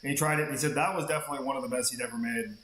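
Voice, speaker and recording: A man's voice: mid-range voice, fairly even intonation, very fast, a bit bright, roomy sound, slight background noise. A man streaming a game, telling a long rambling story in casual chat and swearing freely. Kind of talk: casual chat while gaming.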